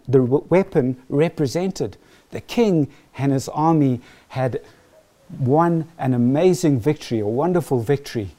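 A man preaching a sermon, earnest and emphatic, slowing down on key phrases. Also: medium pitch, warm tone.

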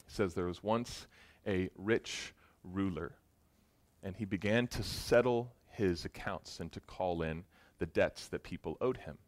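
A man preaching a sermon, retelling a parable in a conversational storytelling way with playful asides, dropping low and quiet then rising loud and emphatic. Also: dry recording. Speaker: pastor.

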